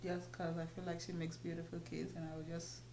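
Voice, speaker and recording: A woman's voice: fairly low pitch, monotone, a little fast, echoey room, noisy background. A young woman chatting casually while doing her makeup, laughing often. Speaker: beauty vlogger. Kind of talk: casual get-ready-with-me chat.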